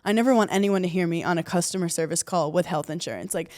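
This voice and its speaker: This female podcast co-host has a lowish voice and talks fast, animatedly recounting a story in casual chat while performing the characters she quotes.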